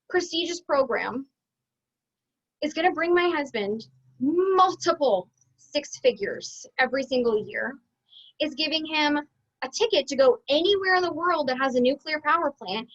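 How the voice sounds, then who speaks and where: A woman with a high voice tells a personal story to her viewers, chatty and expressive. The recording sounds a little dull and lo-fi. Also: moderate pace. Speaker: business coach.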